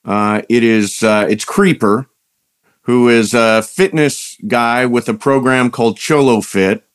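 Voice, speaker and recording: A man's voice: mid-range voice, steady tone, slow pace, smooth. A man hosting a casual interview, asking short, easygoing questions. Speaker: interviewer host.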